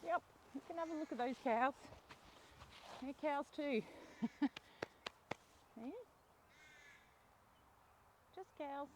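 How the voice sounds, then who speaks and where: Slow-talking young woman coaching a horse. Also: high voice, noisy background. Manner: calm coaching, softly praising the horse. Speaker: horse trainer riding. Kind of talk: narrated riding lesson while training a horse. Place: outdoor rural riding arena.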